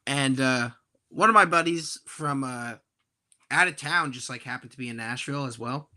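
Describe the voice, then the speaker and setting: A young man in his twenties telling a profane, animated story on a casual podcast. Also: medium pitch, normal speed. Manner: animated, profane, acts out quoted voices loudly.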